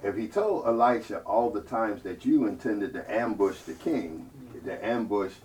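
A male preacher telling a story in a sermon, animated and playful, calling out to the congregation and building to loud peaks. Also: lowish voice, measured pace. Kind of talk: storytelling sermon with call-and-response. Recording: distant mic, faint ambient noise.

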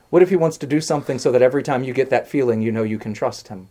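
A preacher delivering a sermon, building through strings of rhetorical questions and slowing down hard on key phrases. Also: medium pitch. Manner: swings between soft hushed lines and raised emphatic ones; slows down sharply on key phrases.

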